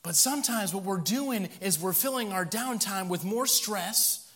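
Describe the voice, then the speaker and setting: A man preaching a sermon in a lively, chuckling way, often repeating words as he restarts. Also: high voice, measured pace. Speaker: pastor.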